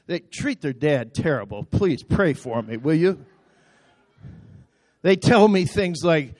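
A middle-aged man preaching with a high, ringing voice. He drives his sermon with passion and calls the congregation to answer him back. The sound is close and dry. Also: lively intonation, unhurried, no room sound. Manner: impassioned, building to shouted call-and-response. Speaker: pastor. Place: church auditorium.

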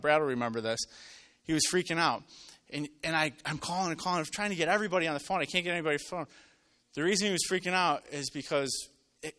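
A man preaching a sermon to a live congregation, telling stories and acting out voices, swinging from loud to quiet. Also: fairly high pitch. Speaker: pastor. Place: church with live audience.

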